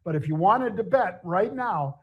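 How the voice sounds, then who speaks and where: A man's voice: high voice, expressive, moderate pace, highs cut off. A middle-aged man co-hosting a casual market talk show, chatty and jokey. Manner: chatty, jokey, laughs at own stories. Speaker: show co-host.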